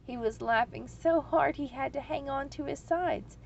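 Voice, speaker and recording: A woman reading a storybook aloud in a slow, measured way. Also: sits high, creaky, dull audio, slight background noise.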